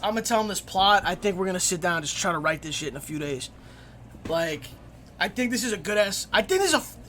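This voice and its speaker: Brief: young male streamer, excitable and foul-mouthed, rambling storyteller on a desk mic. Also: high-pitched, slight background noise. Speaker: live streamer. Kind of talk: casual live-stream storytelling.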